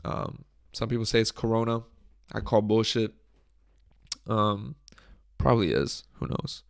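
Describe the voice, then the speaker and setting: A young man with a cold hosts his podcast alone, his voice low, hoarse and full of gravel. He rambles and jokes crudely in a loose, casual way. He is close on the mic, and the sound is dry. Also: animated, a little slow, no echo. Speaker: podcast host. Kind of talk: casual solo podcast chat. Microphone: studio microphone, close.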